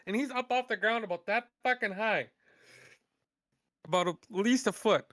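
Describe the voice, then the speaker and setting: A man telling profane stories in a casual podcast chat, animated and blunt. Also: high voice, moderate pace, no room sound. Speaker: podcast host.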